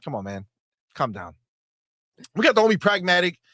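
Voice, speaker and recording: A man hosting a live gaming stream in a casual, animated and profane way, with mocking asides. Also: high-pitched, normal speed, background noise. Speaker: livestream host. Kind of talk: casual livestream talk.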